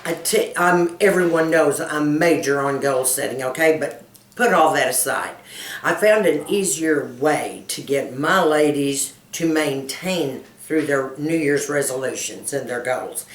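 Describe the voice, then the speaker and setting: A woman in her fifties with a low voice answers viewer questions in a folksy, animated way and laughs often as she talks. She sits at some distance from the mic, and the room around her sounds echoey. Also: a little slow. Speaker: lifestyle coach and channel host.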